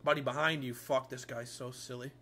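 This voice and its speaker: A young man streaming a shooter game, reacting loudly and swearing at the plays. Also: mid-range voice, fairly quick, gravelly, slight background noise. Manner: excitable, swearing, yells and laughs at plays. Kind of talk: live game streaming commentary.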